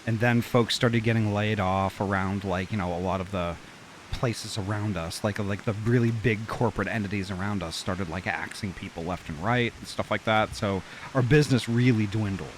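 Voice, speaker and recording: A man's voice: on the low side, moderate pace, slight background noise. A man streaming a game and chatting casually, rambling with many fillers and restarts. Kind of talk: casual chat while gaming.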